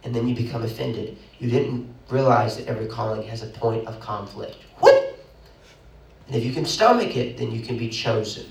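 Man preaching animatedly in a roomy church. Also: gravelly. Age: young adult. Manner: animated preaching with sudden loud high bursts and quick asides. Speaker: pastor. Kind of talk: sermon. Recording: roomy echo, mic at a distance.

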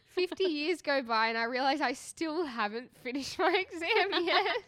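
A woman's voice: high voice, expressive, normal speed, fairly bright tone. A young woman co-hosting a podcast, chatting casually and reading out a listener's dream with frequent giggles. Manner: giggly, bouncing between storytelling and laughter. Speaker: podcast co-host.

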